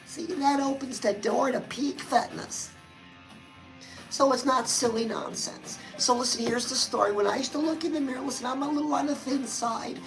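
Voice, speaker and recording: High-pitched lady hosting a livestream, chatty, keeps calling viewers girl. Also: normal speed, faint music behind, rough recording. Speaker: livestream host.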